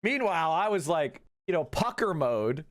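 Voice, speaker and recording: Guy streamer ranting about politics, swears a lot, high voice bouncing all over. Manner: animated, swearing, rapid asides. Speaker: political livestream host. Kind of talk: casual profane political commentary.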